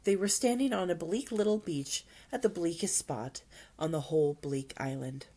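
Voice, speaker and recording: A woman presenting a book talk, retelling the story in an expressive, dramatic read-aloud manner with sudden whispers. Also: lowish voice, normal speed.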